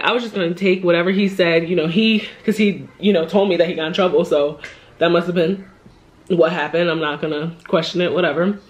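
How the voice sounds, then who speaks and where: A woman's voice: medium pitch, rough recording. A woman sits at home with a plate in front of her and tells her viewers a long story. She keeps it loose and conversational, laughs often, and drops into other people's voices as she retells what they said. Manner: chatty, animated, laughs often, acts out quoted voices. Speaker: vlogger. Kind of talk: casual storytime while eating. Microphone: camera mic.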